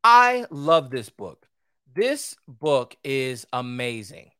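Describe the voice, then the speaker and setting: A man hosting his own podcast, giving heated, opinionated solo commentary that swings between loud outbursts and low asides. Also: big pitch swings, slow pace, clear, resonant tone, no echo, clean studio sound. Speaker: podcast host.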